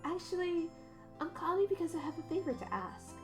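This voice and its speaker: A woman voicing a calm young lawyer who speaks gently and in a measured way to her little sister. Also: very high voice, voice pushed up. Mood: gentle. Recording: game music behind.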